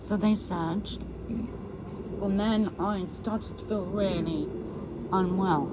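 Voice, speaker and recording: A woman's voice: on the low side, warm tone, slight background noise, low-quality recording. A woman recounting a personal ordeal as an interviewee, acting out what others said to her. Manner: slow recounting that acts out quoted speech. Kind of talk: personal storytelling.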